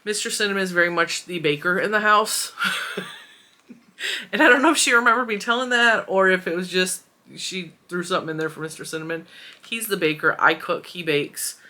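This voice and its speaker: Bright-voiced woman chatting casually. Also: fairly low pitch, a little fast. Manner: chatty, giggly, emotional, many fillers. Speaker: crochet channel host. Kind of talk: casual chat unboxing mail.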